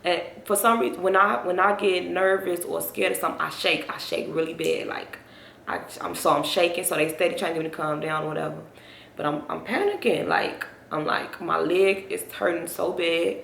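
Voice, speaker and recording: A woman's voice: fairly low pitch, a little fast, gravelly, fairly bright tone, slight background noise. A young woman telling a personal story on her vlog, rambling and talking straight to her viewers. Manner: rambling, addresses viewers directly. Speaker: vlogger. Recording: roomy echo.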